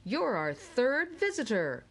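A cheerful, booming announcer, as a woman reading an audiobook puts it on. The voice rides high and loud over the listener. It speaks with bright showman enthusiasm. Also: very animated, slow pace, breathy edge, heavily acted. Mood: jolly.

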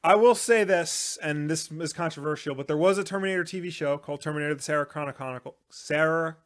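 A man co-hosting a live show, chatting casually with his co-host. He rambles and leans on filler words. His voice sits a little on the high side. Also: a little fast. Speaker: podcast co-host. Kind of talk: casual chat.

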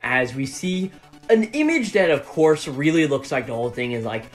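A man's voice: a little high, animated, normal speed, faint music behind. A man casually recapping and reviewing manga chapters, rambling with lots of "like" and tag questions of "right?".

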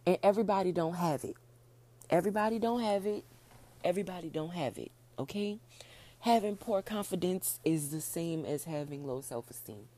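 A woman hosting her own podcast, talking fast and casually, repeating points for emphasis. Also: lowish voice, lively intonation, mellow. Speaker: podcast host. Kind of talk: casual solo podcast talk.

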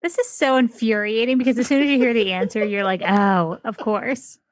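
A woman chatting casually while guessing movies, making quick remarks. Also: on the high side, no room sound, studio quality. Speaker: game contestant. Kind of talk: casual chat.

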